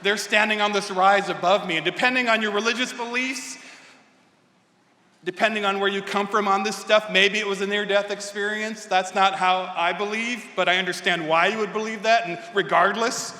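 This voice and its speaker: A man's voice: high-pitched, steady tone, moderate pace, pushed and bright. A man in his fifties giving a humorous commencement speech as a wry comic storyteller at a podium microphone. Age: 50s. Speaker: commencement speaker. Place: large ceremony hall. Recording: echoey hall with long reverb.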